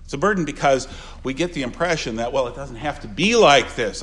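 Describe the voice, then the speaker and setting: An older male pastor delivers an earnest funeral sermon at a middling pitch. He repeats key phrases for weight, drops to quiet, low asides, then lifts his voice for emphasis. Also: animated, brisk.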